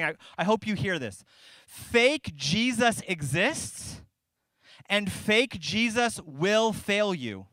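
A man's voice: sits high, bright, forceful tone, clean tone, no echo. A middle-aged man pastor preaching a sermon in a church in a conversational way, often restarting his sentences.

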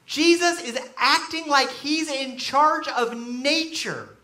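A man preaching a sermon as pastor, telling stories with animated, sudden loud bursts. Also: extremely high pitch, slow, roomy sound. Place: church.

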